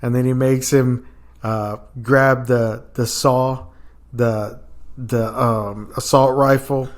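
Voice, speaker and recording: Young adult man, casual storyteller, animated, breaks into laughter, mid-pitched. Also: slow pace. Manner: animated storyteller, laughs often, acts out quotes loudly. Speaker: podcast guest.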